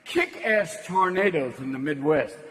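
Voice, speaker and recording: A man doing stand-up comedy on a theater stage into a handheld mic, manic and shouting, jumping between quick character voices. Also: a little high, animated. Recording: big hall, loud crowd laughing.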